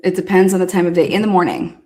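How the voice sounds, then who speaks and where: A woman's voice: on the low side, fast talker, darkish tone. Sassy woman hosting a live stream. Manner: chatty, sassy, blunt, swears casually. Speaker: livestream host. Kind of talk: casual live commentary.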